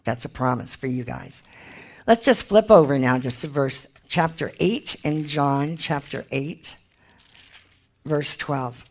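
A woman's voice: deep voice, takes it slowly. A woman giving an informal Bible teaching, chatty and emphatic, thinking aloud as she looks up verses.

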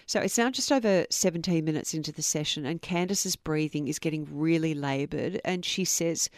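A woman's voice: low voice, moderate pace, few pauses, no echo, studio quality. A middle-aged woman hosting a true crime podcast, reading out quotes earnestly and adding personal asides. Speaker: podcast host.

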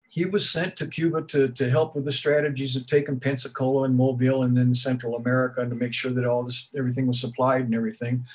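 A man's voice: mid-range voice, husky. A middle-aged man giving an informal history talk to an audience, conversational and rambling, with frequent restarts and asides. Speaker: museum speaker giving a talk.

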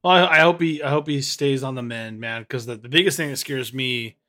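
Bright-voiced laid-back man. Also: mid-range voice, fairly quick. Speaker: podcast co-host. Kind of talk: casual chat.

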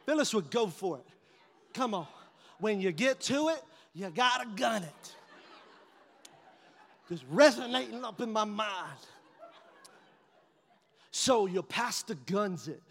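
Man, pastor, high voice, animated comic sermon, hushed asides, long hall reverb. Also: a little slow, long pauses. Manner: animated storyteller, drops to hushed tones for inner thoughts. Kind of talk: sermon with humorous storytelling.

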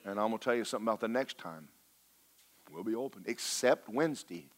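A man preaching a sermon, folksy and joking, slowing down to stress his points. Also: on the low side, animated, slight background noise. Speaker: pastor.

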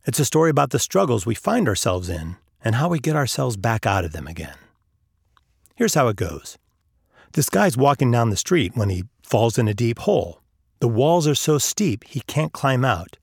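A man's voice: medium pitch, big pitch swings, moderate pace, vocal fry, husky, no room sound, studio quality. A man narrating an audiobook chapter, telling a story and lifting his voice for the characters' lines. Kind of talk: audiobook narration with acted dialogue.

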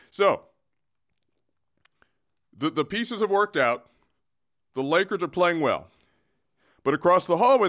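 A man hosts a comedic sports segment in a boastful, mock-grandiose rant that keeps wandering off and restarting. His voice sits a little high and sounds very bright and forward.

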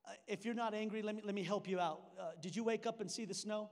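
High-voiced young man preaching in a reverberant hall. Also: fast. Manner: conversational, joking, with laughs and repeated restarts. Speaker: pastor. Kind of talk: sermon. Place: church sanctuary.

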